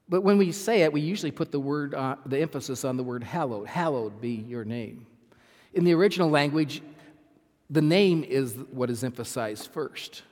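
A man preaching a sermon as pastor, emphatic, repeating phrases and swinging from loud to soft. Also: mid-range voice, big-room sound. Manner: emphatic, repeats phrases, swells and drops in volume.

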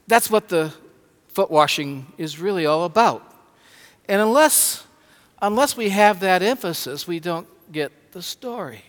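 High-voiced pastor preaching slowly in a hall. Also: male voice, expressive, fairly bright tone. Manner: deliberate, emphatic preaching with pauses. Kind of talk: sermon. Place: church sanctuary. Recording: long hall reverb.

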